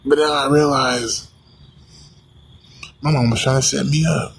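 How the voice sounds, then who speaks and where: A man's voice: mid-range voice, fairly even intonation, a little slow, creaky, breathy edge, rough recording. A man from the United States in a casual, profane rant to the camera, rambling with many restarts.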